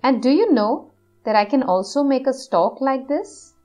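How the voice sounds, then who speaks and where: A woman's voice: high-pitched, animated, normal speed, mellow, dull audio, faint music behind. A woman voicing a clever, patient tortoise who explains step by step how to cut and arrange shapes. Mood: instructing. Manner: step-by-step instructional.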